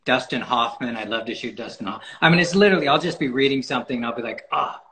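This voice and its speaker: A man's voice: mid-range voice, expressive, very fast, a bit bright, poor audio. Rambling man guest, full of fillers. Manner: rambling, many fillers and restarts. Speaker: photographer guest. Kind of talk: casual interview talk. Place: podcast recording.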